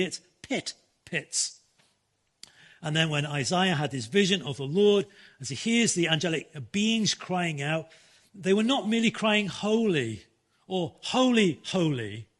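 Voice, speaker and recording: A man preaching a sermon in an earnest style, restarting phrases now and then and softening his voice for quoted words. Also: high-pitched. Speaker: pastor.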